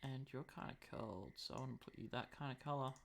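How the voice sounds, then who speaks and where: A man's voice: mid-range voice, quick pace, a little hiss or hum. A young Australian man chatting casually on a live stream as he makes a map, muttering to himself and poking fun at himself.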